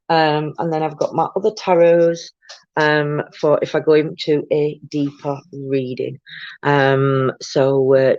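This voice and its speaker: A woman's voice: fairly low pitch, darkish tone, no echo, dull audio. An older woman, tired, chatting casually on a live stream as a tarot reader, greeting viewers by name with many ums.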